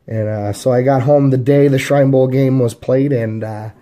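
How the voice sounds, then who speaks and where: A man in his thirties tells his life story in a loose, rambling way, stopping and restarting often and leaning on fillers. His voice is warm and dark in tone and sits at an ordinary pitch for a man. He is from the Chicago area. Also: fairly even intonation, moderate pace. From Chicago area, USA. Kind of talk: casual personal storytelling.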